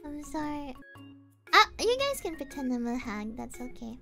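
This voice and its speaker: A woman's voice: high voice, sing-song, normal speed, pushed and bright. A young woman streaming casually, giggling often, talking about herself in the third person and dropping a cute "mo" tic. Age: young adult. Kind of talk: casual livestream chat. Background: faint background music.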